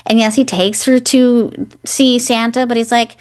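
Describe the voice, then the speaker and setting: A woman's voice: fairly high pitch, little pitch movement, measured pace, few pauses, a little mellow. Chatty woman in her forties. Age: 40s. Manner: enthusiastic, acts out quoted lines. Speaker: podcast co-host. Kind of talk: casual chat.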